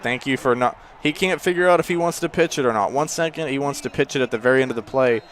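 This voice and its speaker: Excitable man rambling over gameplay. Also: mid-range voice, fast, a little hiss or hum. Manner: rambling, exclaims loudly at plays. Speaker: gaming channel host. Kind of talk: casual gameplay commentary.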